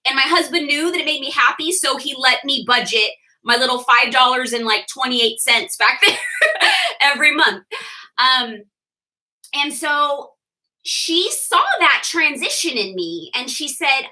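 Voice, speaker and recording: A young adult woman telling her personal story to a team, animated and laughing often as she acts out what people said. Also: high voice, a little slow, rough recording. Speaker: direct sales leader sharing her story. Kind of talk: personal testimony talk to a team.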